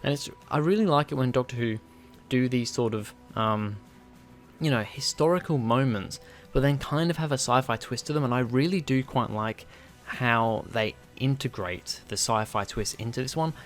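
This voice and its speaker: A man's voice: mid-range voice, moderate pace, faint music behind. A man casually reviewing a TV episode in an enthusiastic, rambling, chatty way.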